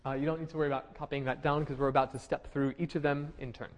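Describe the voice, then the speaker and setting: A man's voice: on the high side, little pitch movement, rapid-fire. A man giving a classroom lecture, conversational, with frequent fillers and restarts, asking the class questions. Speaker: university lecturer.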